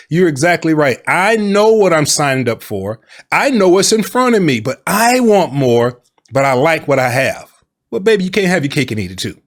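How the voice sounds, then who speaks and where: A man giving dating advice in a lively, colloquial, preaching style, acting out little quoted exchanges and calling listeners baby and boo. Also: high voice. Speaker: life and love coach.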